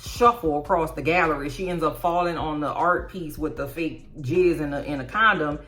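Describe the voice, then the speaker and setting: A woman hosting a casual TV episode recap, sassy and animated, talking straight to her viewers. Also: low voice, moderate pace, soft background music. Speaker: TV recap host.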